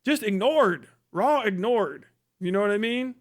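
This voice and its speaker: Male streamer, high voice, swearing, ranting hard. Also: expressive, unhurried. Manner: profane, heated, ranting. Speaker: livestream host. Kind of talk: livestream rant.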